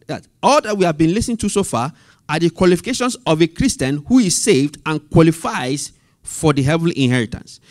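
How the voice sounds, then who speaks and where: A man teaching a Bible study, reading scripture slowly and repeating references and key phrases, asking the group for amen. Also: sits high, dry recording, studio quality.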